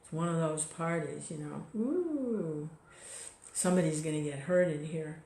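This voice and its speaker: A woman's voice: low voice, level tone, a little fast, gravelly, darkish tone, a little hiss or hum. A woman giving an informal devotional talk in a conversational way, full of "you know" and small restarts. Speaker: devotional speaker. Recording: echoey room recording.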